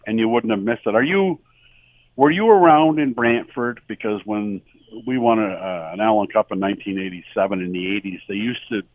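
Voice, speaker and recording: A man's voice: fairly low pitch, a little fast, no echo. A man calling in as a sports guest, reminiscing in a rambling, casual way. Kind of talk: casual chat. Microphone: telephone. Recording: tinny phone line.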